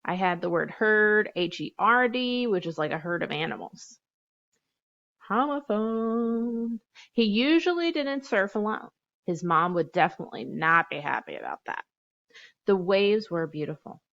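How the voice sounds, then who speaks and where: A woman's voice: mid-range voice, animated, measured pace, gravelly, a bit bright, dull audio. A woman teacher walking a class through revising a story, reading drafts aloud, spelling words out letter by letter and chatting playfully as she goes.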